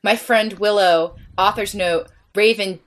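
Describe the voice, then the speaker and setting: A woman's voice: medium pitch, fairly even intonation, a little slow. Giggly woman reading aloud. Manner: reads with a straight face, breaking into giggles and stumbling. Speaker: podcast co-host.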